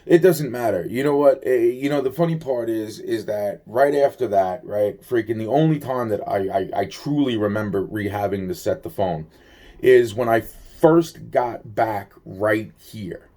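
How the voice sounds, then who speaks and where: Low, mellow-voiced man rambling profanely. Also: unhurried. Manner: rambling and profane, full of "you know" and "like". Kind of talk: casual rambling monologue.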